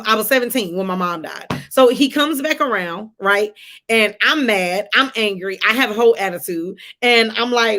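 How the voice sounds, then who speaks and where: A woman, telling a personal story on a live stream in a conversational, animated way and talking to viewers as y'all. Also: mid-range voice. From Atlanta area, US. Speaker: livestream host. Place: home, during a rainstorm.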